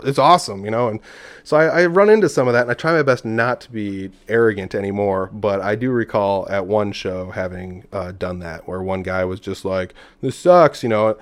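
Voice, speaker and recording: A man's voice: fairly low pitch, moderate pace, clean tone, no room sound. A man, a podcast guest, talking in casual conversation, rambling through stories and acting out what people said. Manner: rambling storyteller who acts out quotes.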